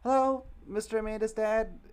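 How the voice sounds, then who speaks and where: A man voicing a pair of prim little twin girls hosting a tea party in a game, with a high, prissy, posh manner. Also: steady tone, normal speed, smooth, natural voice.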